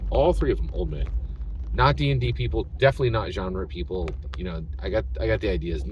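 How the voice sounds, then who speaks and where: A man's voice: low-pitched, slight background noise. A man hosting his channel, telling a story as a rant and tagging his sentences with "right?". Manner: animated, tags sentences with "right?". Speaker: channel host.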